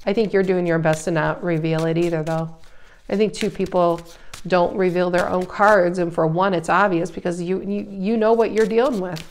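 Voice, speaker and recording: A woman giving a casual tarot reading, emphatic and animated, her voice rising loud and dropping soft. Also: on the low side, normal speed. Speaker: tarot reader.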